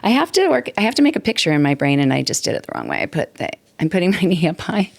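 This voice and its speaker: A chatty woman in her sixties talks on her own podcast, rambling and laughing as she goes. Her voice has a gravelly fry in it. The recording is dry, with little room sound. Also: fairly low pitch, huge pitch swings, fast talker, dry recording. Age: 60s. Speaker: podcast host. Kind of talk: casual solo talk. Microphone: desktop mic at computer.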